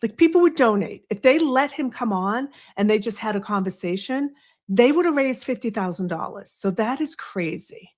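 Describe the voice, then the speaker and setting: A woman's voice: fairly high pitch, animated, moderate pace, darkish tone. A woman with a Boston accent hosting a casual livestream from home, rambling and chatting with asides to her viewers. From US East Coast. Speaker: livestream host. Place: home, snowy window behind. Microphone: desk microphone.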